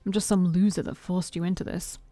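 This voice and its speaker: A woman's voice: on the low side, fairly even intonation, brisk, warm tone, lightly acted. A woman voicing a grumpy, easily flustered young man while reading a visual novel aloud, with curt, grumbling lines.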